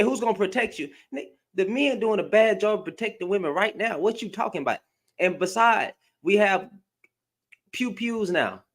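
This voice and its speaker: A woman hosting a livestream, giving blunt, heated reaction commentary and often repeating her phrases. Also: low voice. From United States. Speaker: livestream host.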